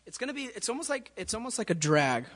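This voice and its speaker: Over loud music, a drum teacher with a very high, sing-song voice talks fast through a casual, hands-on lesson. He often stops to ask "okay?" in an echoey room where drums are playing.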